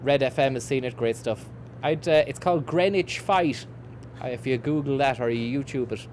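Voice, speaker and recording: A man streams a game and rambles on in a loose, sweary patter, reading out chat as he goes. His voice sits at an ordinary middle pitch, with a faint low hum under the recording. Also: moderate pace, a little mellow. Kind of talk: casual let's-play commentary.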